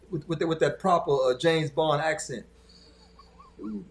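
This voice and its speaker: Animated joking man in an echoey room. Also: a little high, a little slow. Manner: animated, joking, many restarts. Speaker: podcast host. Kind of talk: casual discussion.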